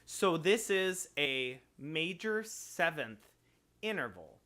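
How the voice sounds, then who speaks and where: A man teaching voice, slowly explaining notes and phrasing in a lesson. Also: on the high side, big pitch swings, sharp tone. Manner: explains slowly, sings short examples.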